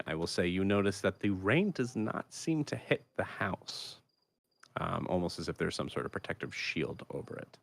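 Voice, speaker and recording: Game master, young man, very deep voice, dry close sound, halting scene narration. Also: fairly bright tone, no room sound. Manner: halting, many fillers while describing scenes.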